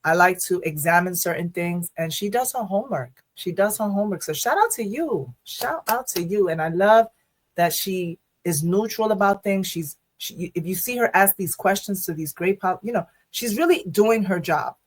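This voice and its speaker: A woman co-hosting a podcast in casual chat, animated, laughing often and repeating her phrases. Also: medium pitch, moderate pace. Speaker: podcast co-host.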